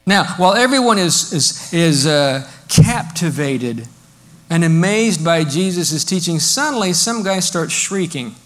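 A male pastor delivers an animated sermon to his congregation, his voice sitting notably high. He swings between emphatic declarations and quieter asides, sometimes slipping into a sarcastic mock voice. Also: unhurried. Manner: animated preaching, mock voices of modern critics. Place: church.

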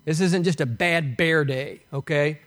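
A man preaching a sermon, animated and emphatic, asking the congregation rhetorical questions. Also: on the high side, a little slow. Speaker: pastor.

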